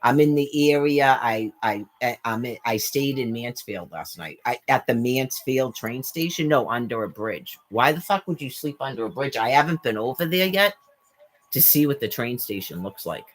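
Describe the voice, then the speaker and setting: Talking straight to camera, an exasperated vlogger launches into a rambling rant full of swearing and rhetorical questions. Her pitch swings widely from low to high as she mimics others mid-sentence, with lively intonation at a moderate pace. She stumbles and restarts her words along the way.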